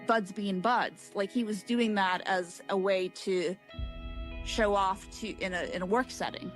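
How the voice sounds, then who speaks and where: A woman's voice: mid-range voice, steady tone, measured pace, faint music behind. A tired woman arguing her point hesitantly in a recorded discussion, with many fillers.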